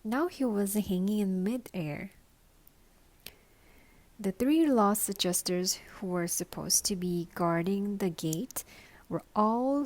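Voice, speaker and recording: A woman, a native Korean speaker, reading a novel aloud as a bedtime story, in a calm, careful, soft manner. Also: fairly low pitch, no echo. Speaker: storybook reader.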